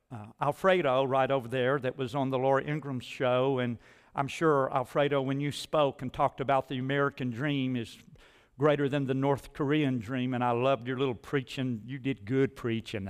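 A male pastor preaching a sermon in a church, moving between quiet asides and loud, rising declarations. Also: medium pitch, clear, resonant tone, long reverb tail. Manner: dynamic preaching, swinging from soft asides to loud climbs. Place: church sanctuary.

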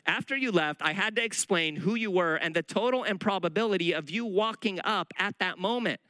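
A middle-aged male preacher telling stories in a sermon, animated and acting out the dialogue. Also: high voice, brisk, no room sound, rough recording. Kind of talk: sermon storytelling.

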